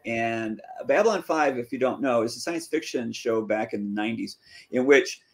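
Male author, guest interview, conversational storytelling, mid-pitched voice with lively quoted asides. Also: normal speed. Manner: lively, acts out quoted dialogue with pitch jumps. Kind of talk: casual storytelling.

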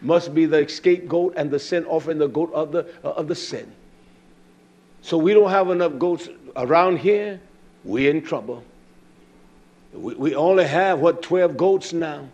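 A man preaching a sermon, reading scripture slowly and building to shouted emphasis. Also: on the high side, muffled recording. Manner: quotes scripture with slow deliberate stress.

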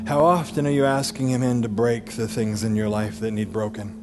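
A man preaching a sermon as pastor, animated, swinging between loud bursts and low, intimate passages. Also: brisk, music in the background.

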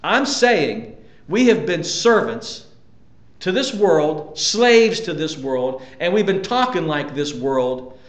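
A man's voice: a little high, very animated, slow, roomy sound. A male pastor preaching a sermon with emphasis, asking the congregation rhetorical questions.

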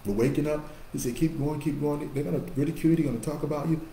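A man preaching a Bible-teaching sermon, animated, swinging between loud exhortation and quiet asides. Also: fairly high pitch, rapid-fire, vocal fry, reverberant, a little hiss or hum, poor audio. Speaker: pastor.

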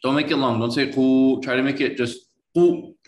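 A man teaching Quran reading one-on-one, patiently correcting pronunciation and slowly modeling each sound. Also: medium pitch, steady tone, roomy sound.

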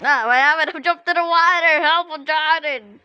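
A woman giving casual commentary on her own gameplay, exclaiming excitedly at whatever happens on screen. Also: sits high, moderate pace, dull audio. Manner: excitable, exclaiming at the game as she plays. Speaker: gamer streaming her own play.

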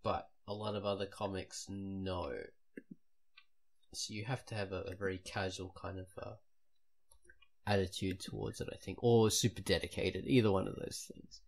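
A man's voice: low voice, flat delivery, normal speed. A man hosting a podcast in casual chat, rambling and trailing off with a self-deprecating tone. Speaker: podcast host.

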